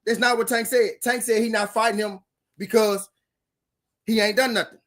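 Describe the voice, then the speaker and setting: His voice sits high, with fairly even intonation, a moderate pace, and a slightly bright quality. As host of a boxing commentary channel, he rants heatedly and casually to viewers, swearing and going over the same points again.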